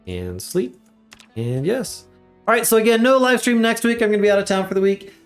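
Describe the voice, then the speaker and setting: A man giving relaxed, chatty commentary while live streaming a game. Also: sits high, fairly quick, smooth, faint music behind. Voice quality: relaxed, chatty, laughs often.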